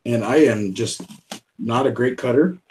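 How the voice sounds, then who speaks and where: A man's voice: mid-range voice, measured pace, darkish tone, a little hiss or hum. A man hosting a podcast and unboxing a package live, talking casually and laughing often at himself. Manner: laughs often, self-deprecating. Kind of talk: casual chat.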